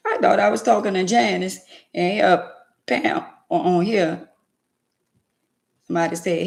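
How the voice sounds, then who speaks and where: A woman's voice: mid-range voice, unhurried, gravelly. A middle-aged woman hosting a casual livestream, speaking in a heartfelt, preachy way and talking to viewers by name. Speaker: livestream host.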